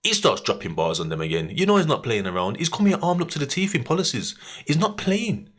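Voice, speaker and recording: A man's voice: fairly high pitch, fast. A man, hosting a podcast and telling stories in casual chat full of street slang. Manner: animated storytelling with street slang. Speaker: podcast host.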